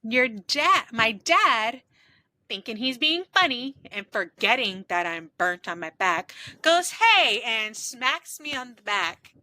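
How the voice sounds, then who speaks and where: A woman's voice: fairly high pitch, lively intonation, slow pace, sharp tone, no room sound, poor audio. A woman co-hosting a podcast, telling a story in casual chat and laughing often. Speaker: podcast co-host.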